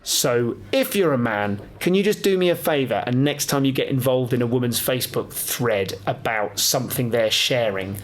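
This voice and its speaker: A man's voice: medium pitch, expressive, moderate pace, hardly any pauses. A man hosting a podcast, talking in an earnest, impassioned and self-deprecating solo monologue with frequent swearing. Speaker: podcast host.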